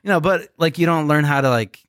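A man's voice: fairly high pitch, fast, fairly bright tone, clean tone, dry recording, clean studio sound. A man co-hosting a podcast who tells loose stories in casual chat and chuckles often. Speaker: podcast co-host.

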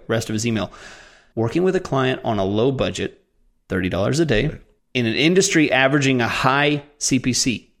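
A man hosting a casual podcast, joking around and reading out a listener's question. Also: mid-range voice. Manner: joking, reads listener emails aloud. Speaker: podcast host.

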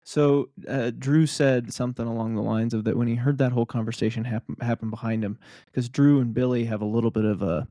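A man's voice: medium pitch, steady tone, fairly quick, mellow, no echo, clean studio sound. A man co-hosting a podcast, telling stories in a rambling casual way with many fillers. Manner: rambling storyteller, many ums. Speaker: podcast co-host.

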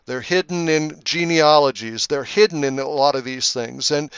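A man's voice: on the high side, normal speed, fairly bright tone, smooth, no room sound, muffled recording. A man on a Bible discussion panel, walking listeners through scripture verse by verse with frequent hesitations.

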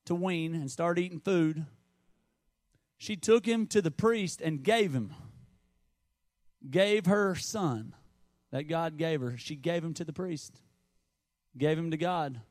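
A man's voice: a little high, unhurried, darkish tone, dry recording. Conversational preacher man, dry sound. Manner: conversational preaching, storytelling with asides. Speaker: pastor. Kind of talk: sermon.

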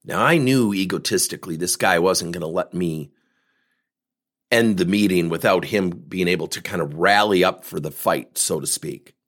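A man's voice: low-pitched, normal speed. A man coaching on sales, telling stories and acting out both sides of the conversations. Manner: lively storyteller who acts out both sides of conversations. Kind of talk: storytelling talk.

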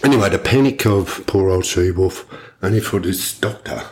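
Speaking at a moderate pace in a low-pitched voice, a man co-hosting a podcast shares a story during casual chat. He's blunt and animated, swearing heavily throughout the retelling.

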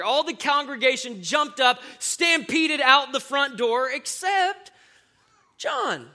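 Male preacher, very high pitch, very bright, jokey, calls for amens. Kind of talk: sermon.

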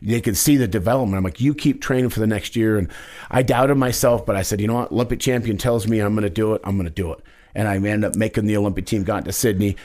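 A man in his fifties from Wyoming speaks in a low voice. He tells his story earnestly in a casual interview and acts out what people said to him. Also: fast. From Wyoming, United States. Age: 50s. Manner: earnest, animated retelling with acted quotes. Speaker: guest, Olympic wrestler.

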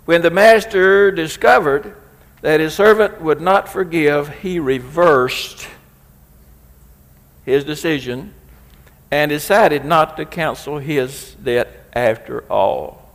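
A man's voice: a little high, slow, long reverb tail. A man preaching a sermon as pastor, reading scripture aloud with rising emphasis.

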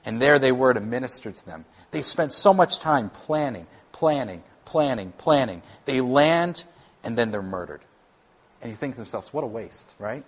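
A man, a worship pastor, preaching a conversational sermon, animated and at times self-deprecating. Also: mid-range voice, normal speed.

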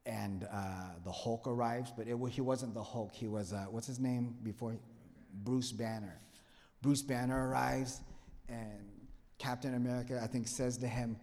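A man preaching a sermon as pastor, talking in a conversational, joking way that swings from hushed asides to loud pleading. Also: medium pitch, moderate pace. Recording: reverberant hall.

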